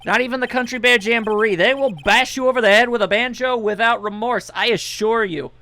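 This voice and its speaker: A man's voice: very high voice, steady tone, brisk, bright, forceful tone, no echo. Jokey man doing game commentary. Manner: jokey, reads on-screen text aloud. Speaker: let's play commentator. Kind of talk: casual gameplay commentary.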